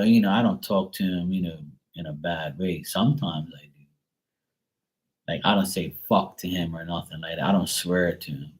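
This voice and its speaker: A man's voice: fairly low pitch, low-quality recording. A middle-aged man talking casually on a live stream, blunt and profane, rambling through a story with lots of fillers. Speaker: tarot reader.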